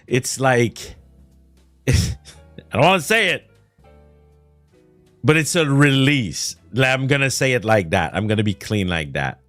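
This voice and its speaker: Lively whiny man with Quebec French accent. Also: medium pitch, takes it slowly, long pauses, no echo, soft background music. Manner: whiny, ranting, laughs often, swears. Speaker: streamer. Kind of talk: casual livestream chat.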